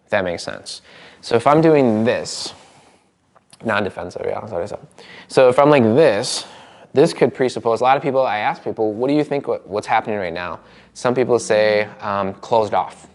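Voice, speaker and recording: An NLP trainer with a fairly low-pitched voice leads a live seminar, addressing a room full of people. He is energetic and demonstrative, tossing in quick asides as he teaches.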